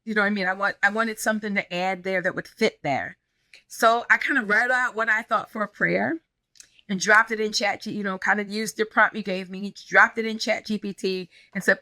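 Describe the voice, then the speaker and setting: A woman pastor in an interview, telling stories in an animated way and acting out the dialogue she quotes. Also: medium pitch, moderate pace, no echo. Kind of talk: conversational interview storytelling.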